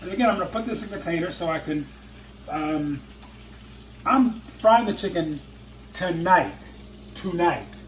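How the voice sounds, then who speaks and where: A man's voice: high-pitched, moderate pace, pauses often, poor audio. An older man hosting a home cooking show, chatting enthusiastically to viewers as he demonstrates a recipe. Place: home kitchen, frying food. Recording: sizzling frying noise behind. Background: sizzling pan and kitchen sounds.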